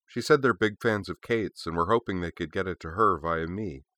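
A man's voice: deep voice, moderate pace, pushed and bright, no echo, studio quality. A man voicing a friendly, teasing young woman in an easygoing, wry way. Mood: amused.

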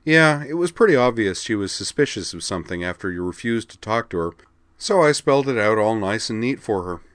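A man performs a laid-back teenage girl duelist in a read-aloud story, keeping her blunt, offhand and gently teasing. He uses a natural voice pitched above his own lowish one, expressive and fairly quick, recorded dry in a clean studio.

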